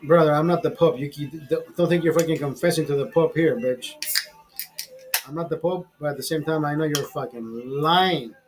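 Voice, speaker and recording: A man's voice: a little high, normal speed, music in the background, low-quality recording. A man in his forties hosting a casual chat, rambling bluntly and swearing freely. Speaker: show host. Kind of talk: casual chat over drinks.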